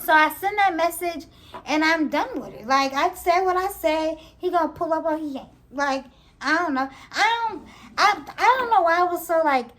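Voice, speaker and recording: High-voiced young woman telling a story. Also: normal speed. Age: young adult. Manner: animated, laughing, slangy storytelling. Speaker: vlogger. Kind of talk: casual storytime.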